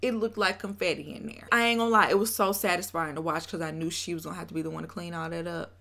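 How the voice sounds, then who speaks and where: A woman's voice: fairly low pitch, quick pace. A young woman recapping a reality show in casual talk, blunt and judgmental, speaking straight to her viewers. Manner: animated, acts out quotes in put-on voices.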